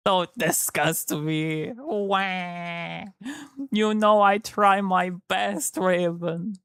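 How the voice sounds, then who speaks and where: A man's voice: sits high, fairly even intonation, drawn-out words, pauses often, fairly bright tone, smooth, no room sound, studio quality. A tired man chatting casually to his live-stream audience, rambling and joking. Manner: rambling, jokey, slips into silly voices. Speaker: livestreamer.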